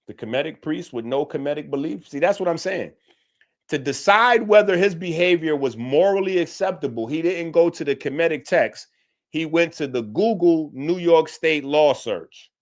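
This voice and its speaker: A man with a fairly high voice lectures his viewers in argumentative live-stream commentary. He sounds heated and incredulous as he presses each point. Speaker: online commentator.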